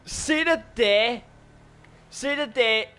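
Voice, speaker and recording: A man telling a story in a casual, profane, animated way while gaming with friends. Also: very high voice, drawn-out words, clean tone.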